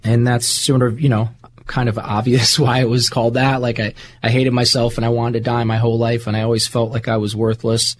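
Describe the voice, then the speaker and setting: A man's voice: medium pitch, level tone, brisk, slight background noise. Earnest rambling man telling his story. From United States. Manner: earnest, rambling, repeats words while telling stories. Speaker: interview guest, entrepreneur. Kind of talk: candid conversational storytelling.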